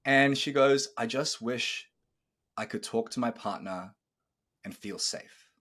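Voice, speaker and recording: Husky animated male podcast host. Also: mid-range voice, slow. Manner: animated storyteller, acts out quoted dialogue, swears. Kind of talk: casual podcast chat.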